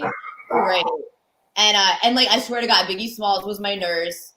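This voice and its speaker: A woman's voice: medium pitch, a little fast, echoey room, noisy background. A young adult woman from Connecticut, a guest comedian, telling candid stories with lots of "like" and acted-out quotes. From Connecticut, USA. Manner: chatty, peppered with "like", acts out quoted lines. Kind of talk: candid storytelling interview.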